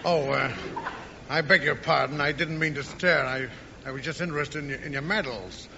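An affable old American veteran with an American accent who turns defensive. His voice is high, bright and gravelly. The recording sounds dull and echoey. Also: moderate pace, slight background noise, exaggerated voice. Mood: polite.

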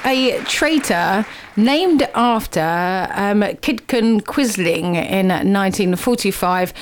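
A woman's voice: medium pitch, takes it slowly. A woman hosting a radio show in a studio, chatty and teasing as she quizzes her guests. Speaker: radio host.

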